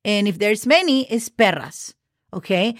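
Slow, patient woman teaching vocabulary. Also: medium pitch, expressive, no room sound, studio quality. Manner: patient, spells words letter by letter, says okay often; slows down for example sentences. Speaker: Spanish teacher podcast host. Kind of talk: casual podcast lesson.

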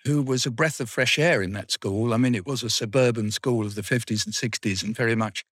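A man's voice: mid-range voice, a little fast, a bit bright, no echo. An older man, telling school memories in a rambling, dryly funny way. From England. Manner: rambling storyteller, dry humour. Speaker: guest. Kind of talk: reminiscing interview.

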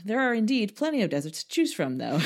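A woman's voice: mid-range voice, a little mellow. A woman co-hosting a podcast, reading from a script with playful, self-mocking asides and frequent laughter. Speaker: podcast co-host.

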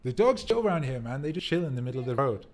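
Easygoing man of average pitch hosting a home live stream, loose and rambling. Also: big pitch swings, rapid-fire, darkish tone. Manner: rambling, laid-back, laughs often. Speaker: livestream host. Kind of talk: casual live-stream chat. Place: indoor rental home. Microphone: desk mic for streaming, wearing headphones.

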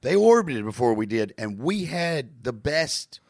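A man's voice: mid-range voice, a little slow, vocal fry, no room sound. This is a man co-hosting a podcast who tells stories with energy and stumbles over repeated words as he goes. His voice sits in a middle register, and the sound is close and dry with no room around it. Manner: animated storyteller, repeats words. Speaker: podcast co-host. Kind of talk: casual comedy chat.

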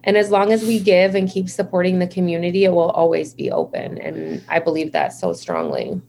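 A chatty woman speaks in a slightly low voice, filling her stories with "like" and playing out how she reacted at the time. Faint room noise sits under her voice on a video call. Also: expressive, fairly quick, creaky, mellow. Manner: chatty storyteller, many "like"s, acts out her own past reactions. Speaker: nurse and founder of a nurse community, guest. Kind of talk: casual interview conversation.

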